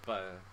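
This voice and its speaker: Bright-voiced young man rambling casually. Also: a little hiss or hum, low-quality recording. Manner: rambling, full of fillers, reminiscing. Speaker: podcast co-host. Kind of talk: casual chat.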